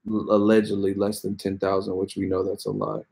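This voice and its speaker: A man's voice: fairly low pitch, completely flat delivery, fairly quick, darkish tone, low-quality recording. A man hosting a late-night livestream, rambling, swearing and joking. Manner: profane, rambling, jokey. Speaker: host. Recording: music playing clearly behind.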